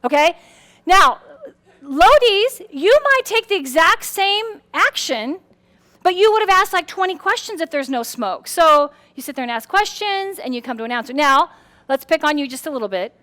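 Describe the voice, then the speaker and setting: Woman, very high voice, workshop speaker, animated, acts out quotes, playful, live audience. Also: normal speed. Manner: animated, acts out quotes with big pitch swings. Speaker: speaker on personality styles.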